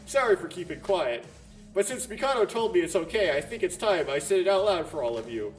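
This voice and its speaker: A man voicing a composed, formal male schemer, calm and assured in every line. His voice sits slightly high, with faint game music in the background. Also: fairly quick.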